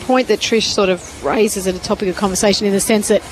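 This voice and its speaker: A woman's voice: mid-range voice, fairly even intonation, fast talker, a little hiss or hum, poor audio. A woman giving thoughtful, analytical cricket commentary from a ground's commentary box.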